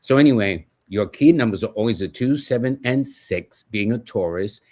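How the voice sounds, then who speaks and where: A man's voice: lowish voice, animated, normal speed, darkish tone. A man with a New York accent giving live numerology readings in a folksy, conversational way, speaking to viewers by name. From United States. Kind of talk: casual livestream reading.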